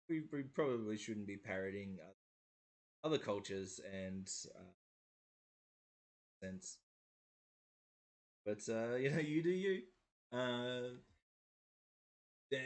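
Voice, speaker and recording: A man in his thirties with a slight Maori accent, mostly in his R's, chatting casually as the host of a painting livestream, rambling and chuckling as he goes. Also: medium pitch. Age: 30s. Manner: rambling, self-correcting, chuckling often. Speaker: host of a miniature painting stream.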